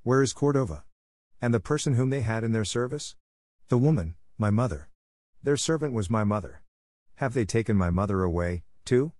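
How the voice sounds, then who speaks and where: A man's voice: mid-range voice, lively intonation, normal speed, darkish tone, no room sound, clean studio sound, close to an everyday voice. A man voicing a desperate young Italian boy who pleads urgently for news of his mother. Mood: pleading.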